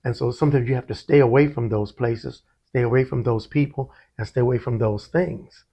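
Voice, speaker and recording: A man's voice: mid-range voice, brisk, dark tone, dull audio. A man, a church musician, telling his life story to an interviewer and acting out the voices of people in it. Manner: storytelling, acts out quoted voices. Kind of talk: conversational testimony.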